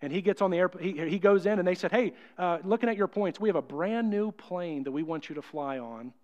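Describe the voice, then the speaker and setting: A man's voice: high-pitched, a little fast, darkish tone, highs cut off. A male pastor preaching a sermon in a conversational, storytelling way.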